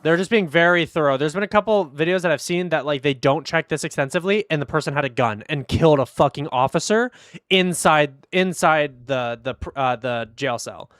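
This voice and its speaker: Young dude streamer ranting to chat, kinda high voice, swears a lot, dead dry mic. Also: male voice, brisk, fairly bright tone, clear, resonant tone, dry recording. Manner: blunt, profane, talks straight to chat. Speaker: streamer reacting to videos. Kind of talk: casual livestream commentary.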